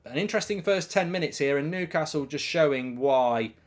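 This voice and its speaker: A middle-aged man hosting a live football watchalong, chatting casually and reading out viewer comments, with loud bursts of excitement. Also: on the high side, brisk.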